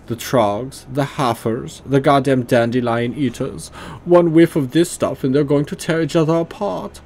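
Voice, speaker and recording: A man's voice: mid-range voice, steady tone, normal speed, a little mellow, pitched above the performer's own voice, natural voice. A man voicing a sneering, arrogant male extremist leader with a put-on German accent and a foppish, mocking manner. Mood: gloating.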